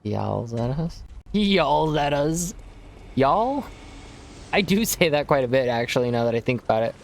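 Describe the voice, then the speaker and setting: A man of middle pitch chats casually while he streams a game, rambling from topic to topic. He sometimes breaks into silly voices. Steady noise sits under his voice. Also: normal speed, creaky. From Texas. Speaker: gaming streamer. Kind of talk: casual chat while playing. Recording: noisy stream audio.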